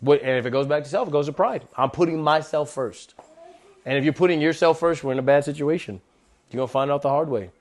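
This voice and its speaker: A man giving a casual devotional talk at a church gathering, slangy and animated, often calling listeners bro. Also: fairly high pitch, fast talker. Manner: animated, acts out quotes. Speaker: lay speaker at a church gathering.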